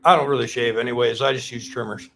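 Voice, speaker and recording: A man's voice: mid-range voice, fairly even intonation, fast talker, creaky, a bit bright, slight background noise. Rambling man hosting a live stream. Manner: rambling, greets viewers by name, teasing. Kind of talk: casual live-stream chat.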